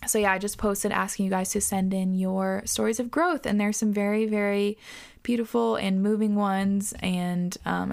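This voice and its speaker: Chatty young woman podcaster, gravelly. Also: mid-range voice. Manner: chatty, reflective, lots of "like". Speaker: podcast host. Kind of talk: casual solo podcast talk.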